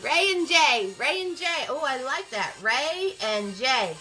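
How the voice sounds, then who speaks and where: Woman, painting class host, bright and upbeat, greets viewers by name, faint music behind. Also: high voice, lively intonation, takes it slowly, rough recording. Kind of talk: live-streamed paint party chat.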